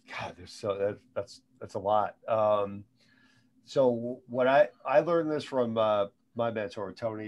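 A man's voice: lowish voice, a little mellow. A man who is a guest, giving casual advice on mindset, rambling and often repeating words and restarting sentences. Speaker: guest speaker on sales and mindset.

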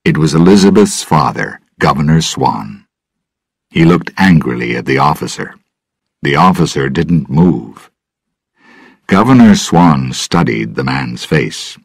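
Male narrator for learner stories, very deep, husky, dry close sound, slow and lively in pitch. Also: no room sound. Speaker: storyteller. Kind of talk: graded-reader story narration for English learners.

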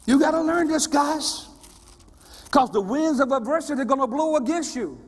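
High-voiced preaching man, echoing church. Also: normal speed. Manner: preaching with rising shouts and call-and-response questions. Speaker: pastor. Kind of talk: sermon. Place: church sanctuary. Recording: long church reverb.

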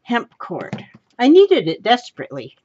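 A woman's voice: a little high, normal speed, highs cut off. A woman making a casual craft vlog at home, gushing and exclaiming over her supplies. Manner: gushing, excitable, exclaims often. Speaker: craft vlogger.

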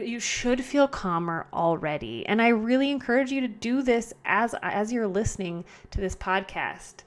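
A woman hosting her own podcast from home, chatting casually and repeating herself, often slowing down on purpose. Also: fairly high pitch. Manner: chatty, repetitive, self-correcting, slows down to model calm breathing. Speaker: podcast host. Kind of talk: casual solo podcast talk. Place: at home indoors. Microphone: camera close by.

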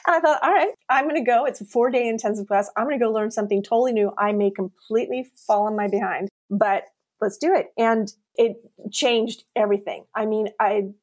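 A woman writer, a podcast guest, telling personal stories in a casual interview, laughing often and acting out what people said. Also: on the high side. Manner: animated, laughs often, acts out quoted lines.

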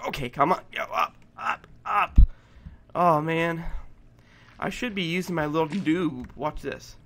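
A man giving let's play commentary, excitable and profane, shouting at game monsters. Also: a little high, measured pace, vocal fry. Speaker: gameplay commentator.

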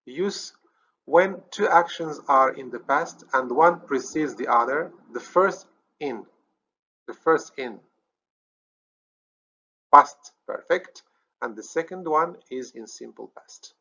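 A man's voice: on the high side, expressive, takes it slowly, long pauses, pushed and bright, lo-fi sound. A man with a Moroccan accent teaching a recorded grammar lesson, explaining step by step, often checking "okay?" and correcting himself. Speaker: English teacher.

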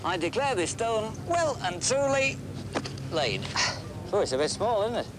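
A man's voice: high voice, sing-song, measured pace, background noise. A man presenting children's TV, joking cheerfully as he works outdoors on a building site.

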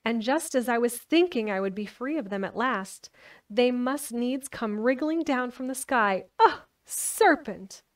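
Woman reading as a fretful storybook pigeon, shrill and accusing, loud, slightly off-mic. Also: expressive, moderate pace, far from the mic, lightly acted. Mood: shrieking. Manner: shrill, accusing, sobbing complaints. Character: fretful female pigeon guarding eggs.

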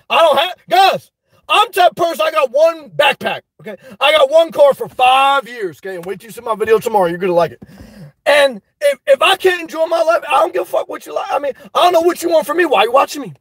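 A man hosting a live stream, reading chat and telling a story in a loud, animated way, swearing often. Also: extremely high pitch, dry recording. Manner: animated, loud, swears a lot, repeats himself. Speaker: livestream host reading chat. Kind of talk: casual livestream rant.

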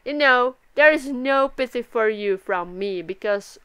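A woman's voice: on the high side, lively intonation, unhurried, few pauses, pushed and bright, smooth, no room sound. A woman casually reacting to a manga chapter live, giggling often and swearing freely as she reads aloud. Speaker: anime reaction video host.

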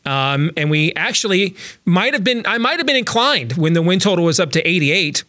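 A man's voice: high voice, big pitch swings, normal speed, sharp tone, no room sound, clean studio sound. A man hosting a sports talk show, chatting casually about baseball with lots of fillers and restarts.

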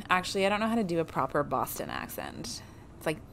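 A woman gives casual let's-play commentary, laughing and cursing as she goes. Her voice sits a little low but swings widely in pitch, with faint hiss behind it. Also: huge pitch swings, fast, gravelly, fairly bright tone. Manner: chatty, swears freely, laughs a lot. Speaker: streamer playing a game.

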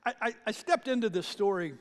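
A man preaching a conversational sermon as pastor, animated in his retelling, slowing down for emphasis. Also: high-pitched. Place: church sanctuary. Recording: long hall reverb.

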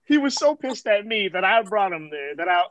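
A man telling a story to friends in profane, slangy, animated casual talk as host of a vlog. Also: high voice, fairly quick, no room sound.

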